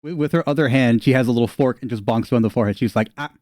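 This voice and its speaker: A man's voice: medium pitch, very fast, darkish tone, dry recording, clean studio sound. A man narrating as game master in a playful, laughing way.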